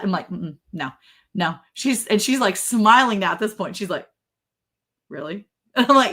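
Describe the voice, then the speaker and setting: A woman's voice: medium pitch, expressive, moderate pace, sharp tone. A woman hosting a casual live chat, telling stories and laughing often. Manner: chatty, laughing, storytelling. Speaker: live stream host.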